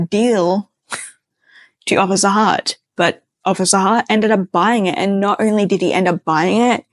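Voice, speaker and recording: A woman's voice: on the low side, dry recording. Wry, chatty woman telling a story. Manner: chatty, heavy use of filler "like", wry asides. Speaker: storyteller, doctor. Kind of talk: casual storytime.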